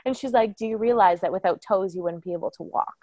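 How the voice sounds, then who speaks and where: A young woman hosting a podcast, chatting casually and telling animated stories with some swearing. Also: medium pitch, fast, dry recording. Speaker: podcast host. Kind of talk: casual interview chat.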